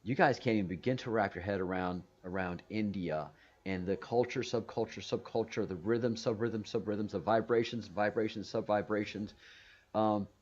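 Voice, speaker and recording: Casting: low-pitched man, rambling host, lots of restarts, dull muffled call audio. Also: moderate pace. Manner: rambling, many restarts and repeated words. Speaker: stream host. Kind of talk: casual video call chat.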